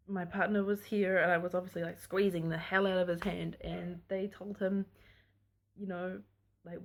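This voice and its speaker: Young adult woman, casual vlog storytelling, frank and chatty, mid-pitched voice. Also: fairly even intonation, normal speed. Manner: candid and chatty, frank about intimate details. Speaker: vlogger telling her birth story. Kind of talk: casual personal storytelling to camera.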